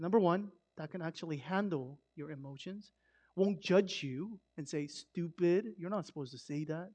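A man preaches in a relaxed, talky way, leaning hard on key words and then dropping almost to a murmur. His voice sits notably high for a man. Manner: conversational, emphatic with swings from loud to hushed. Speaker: pastor. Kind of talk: sermon.

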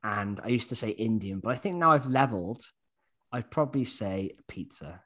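A man's voice: fairly low pitch, expressive, moderate pace, sharp tone. A man, hosting a podcast in a casual, jokey chat full of fillers. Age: 30s. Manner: chatty and jokey, many fillers and restarts. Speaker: podcast host.

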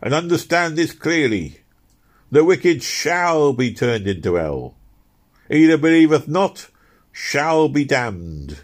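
A man voicing an excitable male street preacher who rants with fervent zeal. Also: mid-range voice, unhurried, voice pushed up, natural voice. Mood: ranting. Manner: ranting, fervent.

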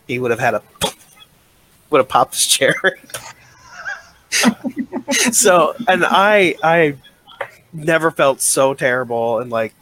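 A man's voice: mid-range voice, slow pace, pauses often, bright, forceful tone, a little hiss or hum. A man speaking as a podcast guest, telling stories casually with jokes and frequent laughs. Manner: jokey, laughs a lot while telling stories. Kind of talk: casual chat.

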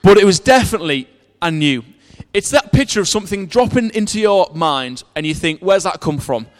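A man's voice: high voice, expressive, brisk, big-room sound. A man preaching a sermon in earnest, telling a personal story and reading verses aloud, with frequent restarts.

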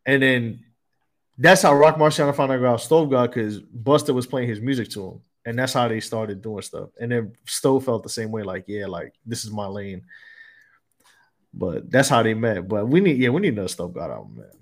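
A man's voice: medium pitch, expressive, normal speed. A man co-hosting a podcast in casual banter, rambling with lots of fillers and slang. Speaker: podcast co-host.

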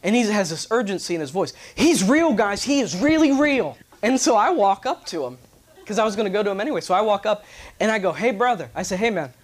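A man preaching a sermon to a responsive congregation, telling a story with animated acted-out voices and loud exclamations. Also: high-pitched, quick pace.

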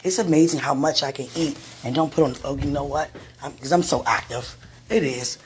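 A woman vlogger rambling affectionately to her viewer in a late-night talk to camera, often trailing off soft. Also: deep voice, brisk, a little hiss or hum. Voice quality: very husky, breathy.

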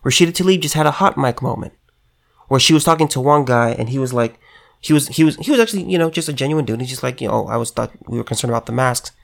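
A man's voice: fairly high pitch, lively intonation, fast, gravelly. A man delivering an impassioned political rant straight to his viewers, emphatic, stumbling over restarts and repeating himself. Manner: emphatic, repetitive, stammering restarts, addresses viewers directly. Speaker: political commentator.

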